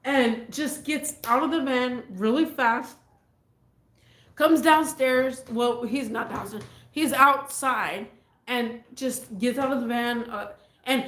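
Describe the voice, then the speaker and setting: High-pitched woman, casual rambling storytime vlogger; echoey room. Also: takes it slowly, a bit bright, a little hiss or hum. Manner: rambling, repeats herself, restarts.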